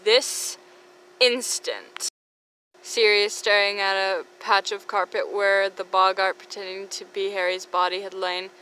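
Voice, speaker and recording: A woman reading fan comics aloud in breathless, rapid run-on sentences. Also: medium pitch, sharp tone, slight background noise, poor audio. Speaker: fan comic dub reader.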